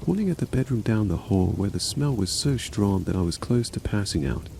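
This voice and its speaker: A man reads a horror story aloud in a dark, mellow voice with a lively, rising and falling delivery. He takes every part himself, pitching up a little for the frightened daughter. Faint rain patters behind him. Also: a little fast, gravelly, slight background noise, rough recording. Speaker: narrator. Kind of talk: scripted horror story narration.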